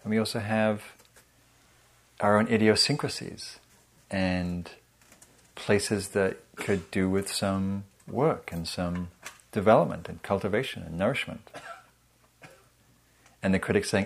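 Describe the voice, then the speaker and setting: A man's voice: on the low side, unhurried, gravelly, long pauses, slight background noise. A man giving a meditation teaching in a humorous, conversational, self-deprecating way. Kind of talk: dharma talk.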